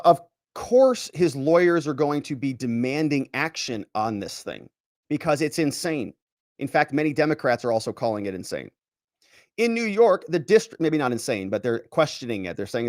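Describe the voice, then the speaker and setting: A man hosting a solo legal commentary show, animated and sarcastic as he reads and picks apart a letter. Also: mid-range voice, no echo, studio quality. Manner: animated and sarcastic, mocks quoted officials in pompous voices. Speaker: lawyer commentator, show host.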